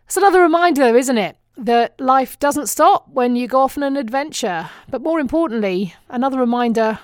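High-pitched and animated, this woman talks fairly quickly in a clean studio recording with no room sound. She's a British-accented vlogger from England living in Phoenix, Arizona, laughing a lot as she chats casually and self-mockingly with her audience.

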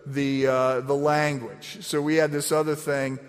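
A man's voice: medium pitch, flat delivery, measured pace. Conversational middle-aged male pastor, echoey hall. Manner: conversational, self-deprecating, repeats words when starting phrases. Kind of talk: sermon with personal story.

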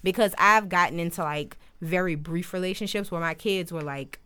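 A young adult woman hosts a podcast in a casual, conversational style, animatedly acting out the voices of people in her stories. Her voice is on the low side and clean in tone, at a normal speed.

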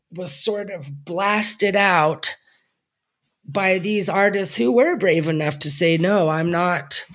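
Brief: woman in her fifties, fairly low voice, reflective guest who wanders through her thoughts with lots of fillers. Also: no room sound, clean studio sound. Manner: thoughtful, rambling with frequent fillers. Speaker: artist guest. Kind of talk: reflective interview talk.

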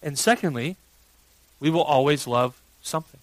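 A man in his thirties, a pastor preaching a sermon and telling a family story with big swings from hushed to loud. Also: fairly high pitch, moderate pace, no room sound, rough recording.

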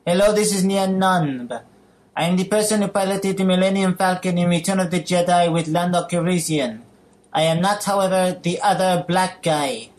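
A man's voice: sits high, natural voice. Man voicing an indignant alien copilot. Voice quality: slow, deliberate, indignant. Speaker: caller. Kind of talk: comic voicemail.

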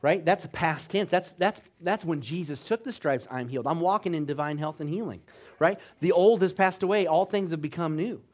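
A man preaching a sermon with exhortations, swinging between loud emphatic lines and quiet low ones. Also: normal speed. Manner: exhorting, with call-and-response asides. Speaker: pastor.

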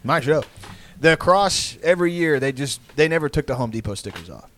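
With a fairly high, animated voice and a brisk pace, this Texas podcaster has a fairly bright tone. His comedic storytelling is casual, full of profanity, and wanders, with lots of false starts.

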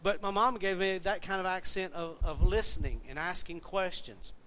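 A man preaching a sermon in a relaxed, conversational way, checking in with his listeners with questions as he goes. His voice sits slightly high. A faint low rumble hums behind him. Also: normal speed. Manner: conversational, asks the congregation questions. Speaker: pastor.

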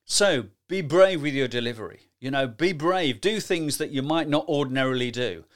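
A middle-aged man gives lively, emphatic podcast advice on presenting, often tagging his points with rhetorical questions. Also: mid-range voice, moderate pace. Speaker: presentation skills coach. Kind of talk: solo podcast advice talk.

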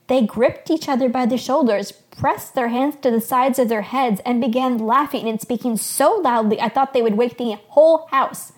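A woman hosting a podcast, reading a fictional first-person story aloud with expressive storytelling. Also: on the high side, moderate pace, hardly any pauses. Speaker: podcast host.

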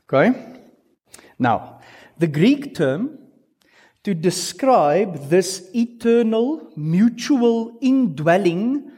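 A man preaching a sermon to a congregation, animated, stretching key words slowly and putting playful questions to his listeners. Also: high-pitched, breathy edge. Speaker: pastor.

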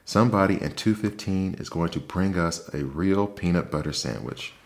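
A restless young mouse, bold and a little boastful, eager to see the world, as a deep-voiced man reads him aloud. He speaks in a soft bedtime-storybook voice that sits low in pitch. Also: normal speed. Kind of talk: ASMR bedtime story reading.

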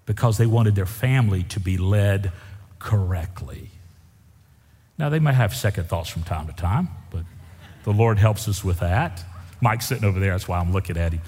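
A husky-voiced man delivers a folksy, emphatic sermon, driving his points home by repeating them. His voice carries a long reverb through the church sanctuary. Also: on the low side, brisk, a little mellow. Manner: folksy, emphatic preaching with repetition. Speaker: pastor.

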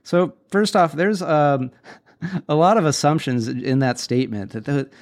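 A man's voice: a little high, a little slow. A man in his forties hosting a casual solo podcast, speaking candidly and bluntly with firm opinions. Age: 40s. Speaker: podcast host.

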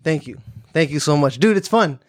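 Upbeat slangy podcast host, dry sound. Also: male voice, a little high, normal speed, no echo. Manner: excited, slangy, profane. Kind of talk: casual chat. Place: room in his home.

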